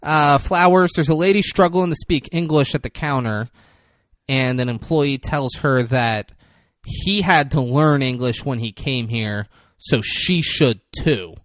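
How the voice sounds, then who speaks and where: Animated man recapping a movie. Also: mid-range voice, measured pace, dry recording, studio quality. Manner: animated, acts out lines in put-on voices. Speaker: podcast co-host. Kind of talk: casual movie recap chat. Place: podcast studio.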